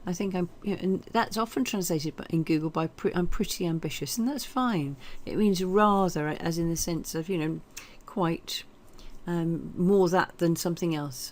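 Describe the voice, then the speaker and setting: A woman with a somewhat low voice runs a French lesson. She talks in a chatty, explanatory way, full of fillers and small hesitations. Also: normal speed. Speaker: French teacher. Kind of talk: recorded language lesson.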